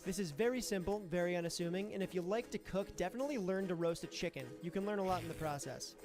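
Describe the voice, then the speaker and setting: A man narrates a cooking video in a chatty, self-deprecating tone. His voice is notably high for a man. Clear music plays under his voice. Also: fast.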